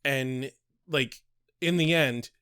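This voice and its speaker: A man's voice: medium pitch, slow pace, sharp tone, clean tone, no room sound, clean studio sound. A man co-hosting a podcast, blunt and profane in casual chat about an episode. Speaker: podcast co-host.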